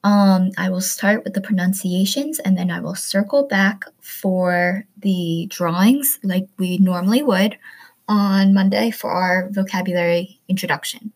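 A woman teacher recording a vocabulary lesson, slowly pronouncing each word and explaining it with everyday examples. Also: mid-range voice. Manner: slow, careful pronunciation drills.

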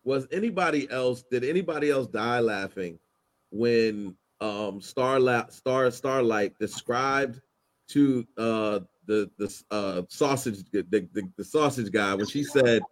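A man co-hosting a casual podcast, playful and halting, laughing mid-sentence. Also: mid-range voice. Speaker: podcast co-host. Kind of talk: casual chat.

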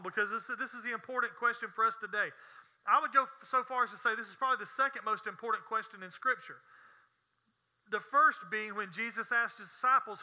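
A man's voice: high voice, sharp tone. A man preaching a sermon in a folksy, emphatic way, with scornful asides. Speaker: pastor.

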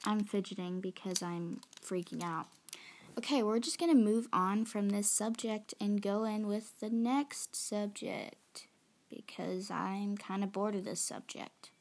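Slow, gravelly young woman rambling. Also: medium pitch, fairly even intonation. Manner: rambling and self-conscious, slips into whispers. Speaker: podcast host. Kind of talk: casual solo podcast chat. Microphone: phone.

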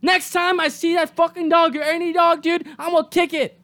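Solo podcast host, high voice, profane angry rant with shouted peaks. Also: little pitch movement, a little fast.

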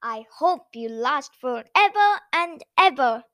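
A woman voicing an excitable little male toy taxi driver, speaking brightly and emphatically. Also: sits high, slow, no echo, clean studio sound, full character voice. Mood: fond. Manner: bright, emphatic and easily cross.

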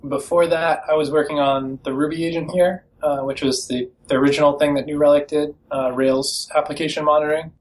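A man, a software engineer guest, introducing himself in a casual interview with an even, matter-of-fact delivery. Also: on the high side, brisk, hardly any pauses. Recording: distant mic with faint noise.

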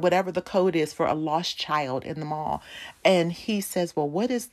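A woman's voice: lowish voice, moderate pace. A woman in her forties giving a sermon testimony, telling a personal story and speaking to the congregation as "y'all". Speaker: pastor's wife preaching.

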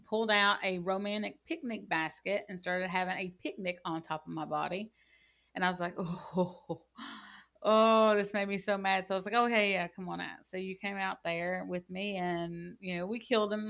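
A woman's voice: lowish voice, steady tone, moderate pace, gravelly, pushed and bright. A woman in casual gaming chat, telling rambling stories full of "like" and "you know.". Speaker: gaming channel co-host.

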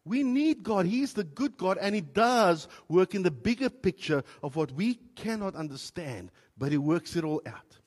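A pastor from South Africa preaches to his church, his voice sitting a little higher than most men's. He tells his story in waves, dropping soft and quiet and then rising loud with feeling. The sound carries the long reverb of a church hall. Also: big pitch swings, moderate pace, few pauses. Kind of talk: sermon.

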